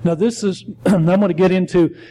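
Halting, mellow-voiced male Bible teacher. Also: high-pitched, steady tone, rough recording. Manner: halting, stumbling, self-correcting.

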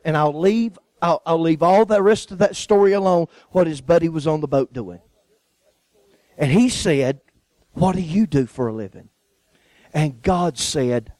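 Man, preacher, folksy storytelling, high voice, dry close sound. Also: a little mellow, dry recording, rough recording. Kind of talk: sermon testimony storytelling.

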